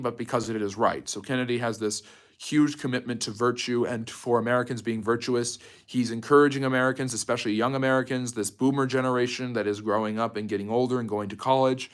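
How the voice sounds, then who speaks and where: A man's voice: mid-range voice, a bit bright. A man giving a livestreamed history lecture, telling the story energetically with frequent ums and restarts.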